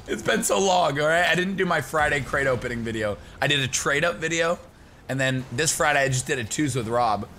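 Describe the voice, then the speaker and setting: A young man giving excited live gameplay commentary, shouting and laughing as he plays and chats to viewers. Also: mid-range voice, slight background noise. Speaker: gaming YouTuber.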